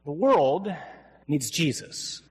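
A priest preaches to a men's conference with humor and energy, sometimes mimicking a flat, droning reader. His voice sits a touch high. A long hall reverb trails behind every phrase. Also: slow pace, heavy background noise. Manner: animated, joking, mimics flat gospel readings. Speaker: Catholic priest. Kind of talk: conference sermon.

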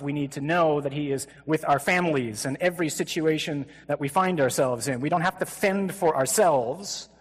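A Catholic priest giving an animated, joking sermon at a men's conference, recorded live in a large hall. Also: male voice, fairly high pitch. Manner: animated, joking, mimics flat gospel readings. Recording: live talk with long hall reverb.

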